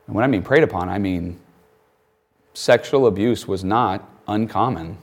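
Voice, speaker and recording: A man teaching a Bible lesson, reading passages aloud and acting out quoted lines with animated voices. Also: on the low side, normal speed.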